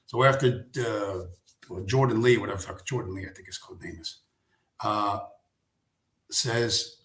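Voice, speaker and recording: A man's voice: lowish voice, normal speed, pauses often, fairly bright tone, roomy sound. A man hosting a live stream, ranting in a casual way, sarcastic and profane, firing off rhetorical questions.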